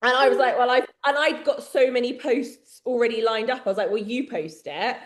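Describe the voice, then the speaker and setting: A woman's voice: fairly high pitch, a little fast, reverberant. An English woman co-hosting a podcast, telling stories in casual chat and laughing often. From England. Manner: chatty storyteller, laughs often. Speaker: podcast co-host.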